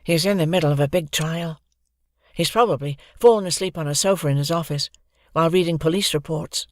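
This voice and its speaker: A narrator voicing a quiet young boy in a children's audiobook, answering plainly. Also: medium pitch, fairly quick, dry recording, studio quality, natural voice. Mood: calm. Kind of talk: audiobook character voice.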